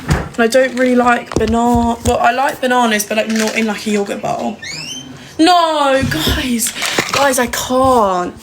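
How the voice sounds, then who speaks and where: A woman's voice: a little high, measured pace. A young woman from England, live-streaming casually from her home kitchen and cooing baby talk to her dog. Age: young adult. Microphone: phone livestream. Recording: loud crowd noise behind.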